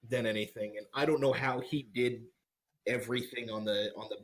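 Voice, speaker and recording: A man's voice: mid-range voice, fairly even intonation, brisk, poor audio. A man, a player in a tabletop game, talking in a rambling way and restarting phrases over a video call. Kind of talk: casual chat after a tabletop game.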